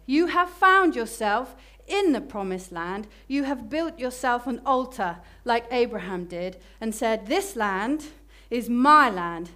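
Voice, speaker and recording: Woman preacher, slightly high voice, emphatic sermon delivery that slows for key phrases. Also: a bit bright. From Britain.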